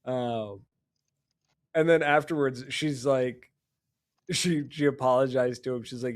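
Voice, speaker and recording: A man's voice: medium pitch, unhurried, long pauses. A man hosting a podcast, telling stories casually, laughing often and acting out the people in them. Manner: animated storyteller who laughs often and acts out the people in his stories. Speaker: podcast host. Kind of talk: casual storytelling chat.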